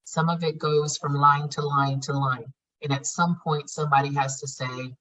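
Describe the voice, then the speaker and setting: Low, forceful, husky woman facilitator; frank and emphatic, dull lo-fi sound. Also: steady tone, moderate pace, few pauses. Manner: frank, emphatic, swears casually. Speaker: healing class facilitator. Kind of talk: teaching an online class.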